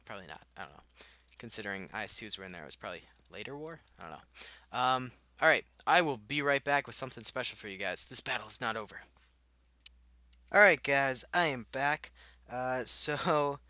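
Bright-voiced young man narrating gameplay. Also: medium pitch, animated, a little fast, dry recording, studio quality. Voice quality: chatty, reacts aloud, laughs at himself. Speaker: gaming channel host. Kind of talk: casual gameplay commentary. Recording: faint game noise behind.

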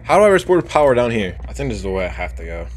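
Guy playing a horror game on stream, pitch jumping all over, yelps and cusses, talks to chat. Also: very animated, racing. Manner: jumpy, swears, shouts when scared, talks to chat. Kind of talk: horror game let's play commentary.

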